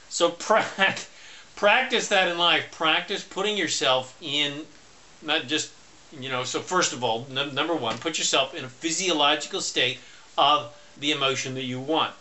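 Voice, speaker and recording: In this self-help speech, the man's voice is a little high. He pushes his message forcefully and at volume, easing his pace to underline the ideas that matter most.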